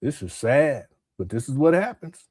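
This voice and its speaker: A man's voice: medium pitch, big pitch swings, moderate pace, a little mellow, breathy edge, dry recording, studio quality. A man giving casual live commentary over a video he is watching, laughing and making mocking asides. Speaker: livestream commentator.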